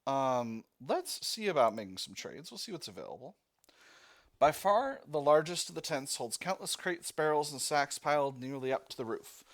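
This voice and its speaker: A man playing a text-based war game, reading the narration aloud and thinking out loud as he picks options. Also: fairly high pitch, sing-song, moderate pace. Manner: reads narration, thinking aloud with fillers and restarts. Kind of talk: let's-play narration.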